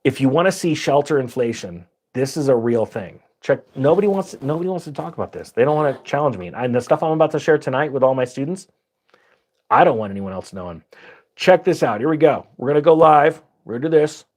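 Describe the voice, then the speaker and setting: A man hosting a finance channel, giving casual, sarcastic commentary over charts with big jumps in pitch for emphasis. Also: animated, brisk, darkish tone.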